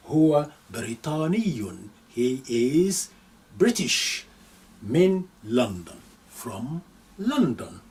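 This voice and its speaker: A man teaching an Arabic lesson, reading phrases slowly and deliberately and repeating each one with its translation. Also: mid-range voice, dark tone, distant mic, low-quality recording. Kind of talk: live online language lesson.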